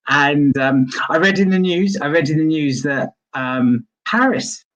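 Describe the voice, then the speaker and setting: A man's voice: fairly high pitch, animated, unhurried, hardly any pauses, fairly bright tone, lo-fi sound. A man from East London hosting a comedy stream over a video call, chatty and jokey, stammering and repeating himself. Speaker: comedy show host. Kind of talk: stand-up banter on a live stream.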